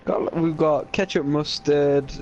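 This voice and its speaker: Excitable young man, faint hiss. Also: slow pace, muffled recording. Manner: excitable, gets loud and high when hyped. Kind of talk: casual gaming chat.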